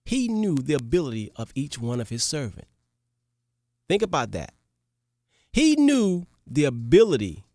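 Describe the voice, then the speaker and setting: A radio talk show host retelling a parable to listeners, animated and repetitive, checking in with the audience. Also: medium pitch, unhurried, pauses often, no room sound, studio quality.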